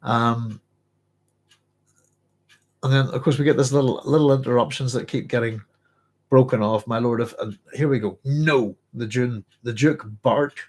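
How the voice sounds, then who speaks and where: A man hosting a live book club, chatting through a novel and readers' comments in a thoughtful, rambling way with many pauses and restarts. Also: medium pitch, fairly even intonation, darkish tone. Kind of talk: casual live book discussion, reading aloud and chatting.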